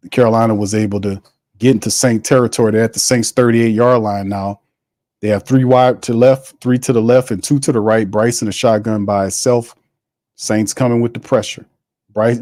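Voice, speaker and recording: Excitable man calling plays, dry sound. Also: medium pitch, no echo. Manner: excitable, casual slang, laughs often, chats with viewers. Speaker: watch party host. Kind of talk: live play-by-play commentary on a stream.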